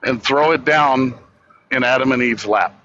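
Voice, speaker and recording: A man with a bright, pressing voice reasons through a question, stopping and restarting as he goes. His line sounds dull and lo-fi, with a faint hiss underneath. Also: medium pitch. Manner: halting, restarts, thinks aloud. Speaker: guest debater. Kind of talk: casual debate chat.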